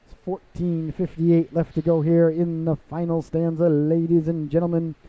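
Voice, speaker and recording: A man calling a live hockey game play by play. He is chatty and theatrical, often says "ladies and gentlemen", and breaks into excited calls on big plays. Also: moderate pace, no echo. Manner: bursts into excited high calls on goals. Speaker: play-by-play announcer. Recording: dull lo-fi broadcast audio.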